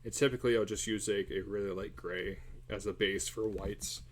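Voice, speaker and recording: Steady in tone and normal in speed, this man's lowish, somewhat nasal voice comes through a cell phone recording with slight background noise. He's streaming himself drawing, rambling casually, putting himself down, and humming or singing bits while he works.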